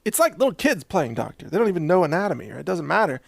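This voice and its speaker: A man delivers a sarcastic opinion monologue as the host of his own show. His voice sits fairly high and swings widely in pitch as he mocks his subject. The sound is dry and close, with no room echo. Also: sing-song, racing, creaky. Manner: sarcastic, mocking, acts out quoted voices.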